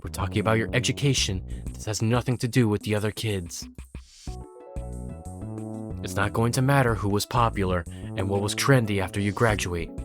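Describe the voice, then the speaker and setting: A man's voice: fairly low pitch, moderate pace, over music, lightly acted. A man voicing a strict, worried mother who lectures her daughter. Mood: stern. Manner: stern, lecturing.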